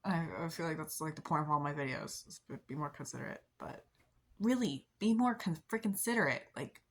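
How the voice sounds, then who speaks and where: A young woman vlogger chats casually to her camera in a confessional way, rambling a little fast and filling her talk with "likes" and "ums." Her voice sits a little low for a woman, and she now and then laughs softly at herself.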